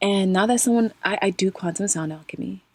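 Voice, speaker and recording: A woman's voice: medium pitch, fairly quick, dry recording. A woman hosting her spiritual channel, telling a personal story casually and expressively, calling her listeners y'all. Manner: expressive, addresses listeners as y'all, laughs often.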